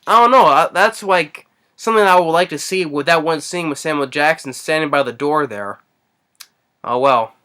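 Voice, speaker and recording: Bright-voiced man rambling through a film recap. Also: on the high side, moderate pace, smooth. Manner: rambling, hesitant, heavy on fillers. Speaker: movie reviewer. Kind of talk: casual spoken movie recap.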